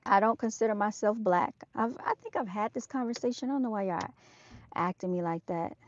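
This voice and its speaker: A woman's voice: medium pitch, a little fast. A woman chatting casually on a live stream from an outdoor motorcycle show, speaking straight to her viewers on her phone. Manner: chatty and direct, calls viewers "y'all". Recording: dull, dry lo-fi sound.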